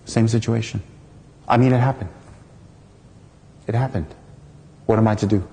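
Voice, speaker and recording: A man from the United States gives a dharma talk as a Buddhist teacher. His voice sits low and sounds mellow, and he tells a lively personal story, acting out each person in it. The sound carries a long reverb from a hall. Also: normal speed, creaky.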